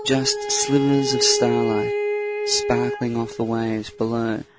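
A man leading a guided visualisation meditation in a slow, soothing voice. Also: mid-range voice, flat delivery, over loud music.

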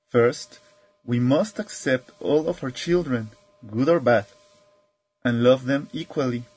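A man speaking calmly and reflectively as a spiritual teacher, telling a story in a measured way. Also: medium pitch, breathy edge.

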